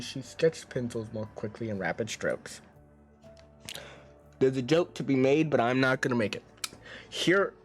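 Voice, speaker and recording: On a stream, a man reads a visual novel aloud in a relaxed way, stumbling over words and cracking jokes between lines. His pitch is medium.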